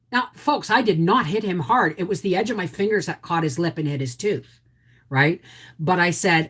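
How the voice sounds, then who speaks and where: A middle-aged woman hosting a live stream, telling a family story with animated acted-out quotes and frequent asides of "right?". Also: fairly low pitch, normal speed, slightly rough. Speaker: homestead channel host.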